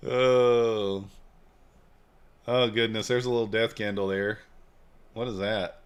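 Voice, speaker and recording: A man's voice: on the low side, steady tone, slow, long pauses, smooth. A man hosting a live trading stream, chatting casually, joking and answering viewers' comments. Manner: laid-back, joking, reads and answers chat. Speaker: livestream trading host.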